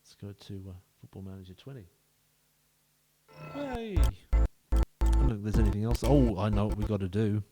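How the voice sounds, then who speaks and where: A man's voice: on the low side, lively intonation, moderate pace, pauses often, music in the background. A man giving casual, jokey let's-play commentary as a gaming video host, bantering with the players in the game.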